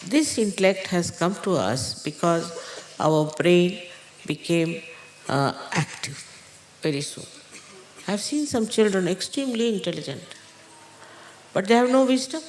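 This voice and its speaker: Woman giving an unhurried spiritual talk. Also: fairly low pitch, lively intonation, a little mellow, a little hiss or hum. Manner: unhurried, halting, with pauses and fillers. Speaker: spiritual teacher. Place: large indoor gathering hall. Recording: echoey hall recording.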